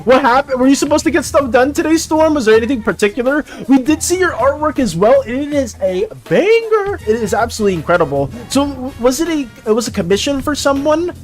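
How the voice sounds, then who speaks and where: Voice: sits high, sing-song, fairly quick, few pauses, soft background music. An art streamer chatting casually with viewers during a live stream, full of playful mock outrage and chatty filler.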